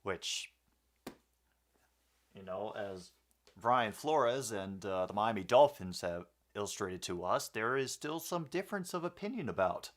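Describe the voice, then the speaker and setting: A man's voice: lowish voice, lively intonation, measured pace. A young man casually calling a football game play by play and chatting with viewers, with a rambling, filler-heavy way of talking. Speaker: host of a sports commentary stream.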